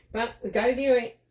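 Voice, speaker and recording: A woman's voice: on the high side, mellow. A chatty woman, hosting a live craft demo, talking to viewers by name and laughing often. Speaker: craft shop host. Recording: echoey room.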